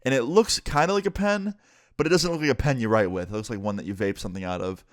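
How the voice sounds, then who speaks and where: A man's voice: mid-range voice, quick pace, no room sound, clean studio sound. A young man telling a story in a vlog, talking casually and swearing freely. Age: young adult.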